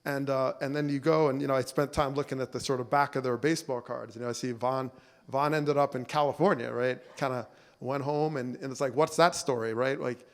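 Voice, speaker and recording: A man in his forties giving a relaxed, storytelling keynote at a banquet, talking conversationally and often adding "you know" and "right?". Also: mid-range voice, a little fast. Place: banquet hall. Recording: long reverb of a banquet hall.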